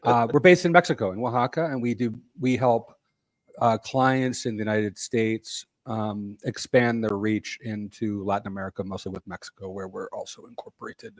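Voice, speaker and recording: A middle-aged man, a company head, talking as a podcast guest in a measured way that often trails off quietly. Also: lowish voice, fairly even intonation, dry recording, clean studio sound. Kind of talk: casual podcast interview.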